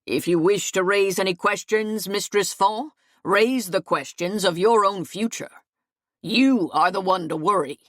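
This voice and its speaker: A woman's voice: mid-range voice, fairly bright tone, dry recording, studio quality. Woman reading as a stern medieval lord. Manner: stern, measured, cold authority. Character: stern commanding medieval lord, adult man.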